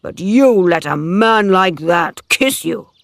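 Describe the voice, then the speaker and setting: Guy reading as a jealous heartbroken farmer, gravelly and slow, dry close sound. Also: high-pitched, animated, no room sound, voice pushed up, full character voice. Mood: bitter. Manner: forceful, anguished. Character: wounded older male farmer, jealous and intense. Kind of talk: dramatic story reading.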